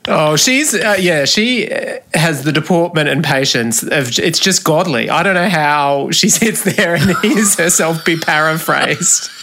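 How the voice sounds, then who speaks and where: Woman co-host, lowish voice with plenty of lilt, talks in a measured, considered way. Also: lively intonation, fairly bright tone, slight background noise. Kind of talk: casual chat.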